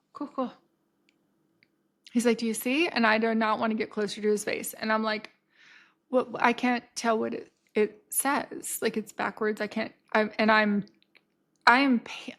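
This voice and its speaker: A young adult woman hosts her own podcast, spinning a personal story in a loose, animated monologue. Her voice sits a little high, with a gravelly fry that creeps into her phrases. She swears freely and acts out the quoted dialogue as she goes. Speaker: podcast host.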